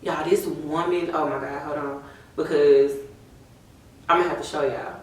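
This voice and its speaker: A young woman telling a story in casual, animated chat while she does her makeup. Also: sits low, moderate pace. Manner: animated, chatty, says "y'all" often. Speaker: beauty vlogger. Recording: echoey room, voice a bit distant from the mic.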